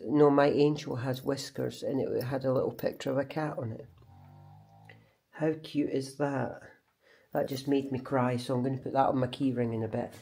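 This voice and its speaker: A woman's voice: very deep voice, mellow, husky. Rambling Scottish woman vlogging. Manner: rambling, chatty, often restarts and corrects herself. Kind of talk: casual vlog chat.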